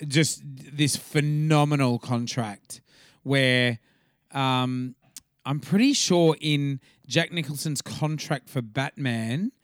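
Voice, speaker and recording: A man's voice: a little high, no room sound, clean studio sound. An Australian man co-hosting a podcast, chatting casually, swearing freely and laughing often. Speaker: podcast co-host. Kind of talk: casual chat.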